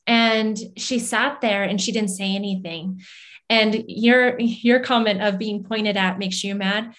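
A woman hosts a conversational podcast in a plain, mid-pitched voice. She talks in a reflective way, pausing on filler words as she recalls an experience. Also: steady tone, fairly bright tone. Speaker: podcast host. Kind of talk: conversational interview.

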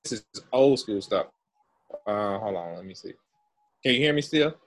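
A man's voice: fairly low pitch, moderate pace. Chill guy on a call, talks slangy and easy, laughs a lot. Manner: relaxed, slangy, laughs easily. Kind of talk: casual chat. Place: remote call.

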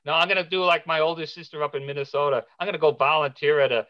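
A man's voice: on the high side, steady tone, rapid-fire, highs cut off. A middle-aged man as a podcast guest, chatty and jokey, telling stories in a loose, casual way. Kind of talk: casual interview chat.

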